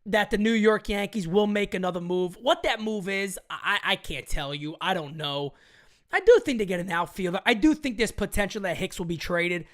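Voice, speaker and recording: A woman hosting a live-stream sports chat show, talking in an animated, emphatic way and greeting her chatters. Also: medium pitch. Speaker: sports talk show host.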